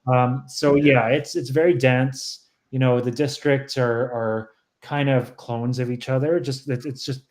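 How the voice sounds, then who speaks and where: A man talks about his own novel on a video call. He rambles thoughtfully, circling back and restarting his sentences. His pitch is ordinary, neither high nor low. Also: fairly even intonation, unhurried, hardly any pauses, darkish tone. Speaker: author as guest. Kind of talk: casual book discussion.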